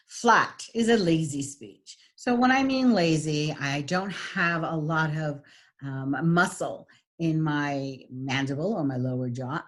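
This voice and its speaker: Speaking in a deep voice, a woman teaches an online lesson on voice qualities. Her delivery is chatty and full of fillers, and she exaggerates each quality on purpose to demonstrate it.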